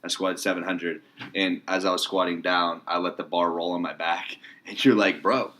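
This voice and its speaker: A man's voice: low-pitched, flat delivery, normal speed, fairly bright tone. A man guesting on a podcast, a boisterous storyteller who swears freely in casual chat.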